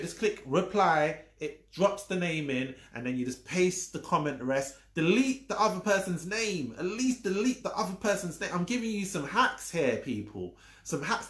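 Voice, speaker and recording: A man's voice: high voice, fairly bright tone. A man coaching viewers on a live stream, talking emphatically, repeating his points and teasing his audience. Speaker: social media coach hosting a live stream. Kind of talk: casual live-stream teaching. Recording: roomy echo.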